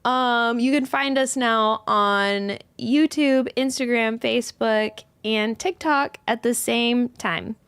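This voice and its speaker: A woman's voice: on the high side, steady tone, takes it slowly, few pauses, a bit bright, clear, resonant tone, no room sound. A woman hosting a casual livestream, chatting and greeting viewers one by one by name, a little scattered as she reads comments. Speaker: host, yarn studio owner.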